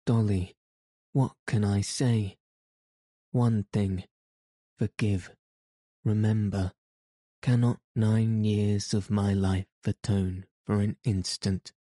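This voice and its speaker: A man's voice: on the low side, steady tone, takes it slowly, pauses often, warm tone, no echo, studio quality. A man reading as a timid, guilty husband. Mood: pleading.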